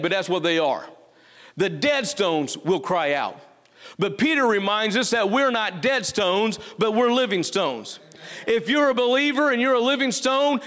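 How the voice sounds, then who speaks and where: Middle-aged male pastor, high-pitched preacher, rhythmic call-and-response delivery, reverberant sanctuary sound. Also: fairly bright tone. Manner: preaching with rhythmic repetition and call-outs to the congregation. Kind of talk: sermon.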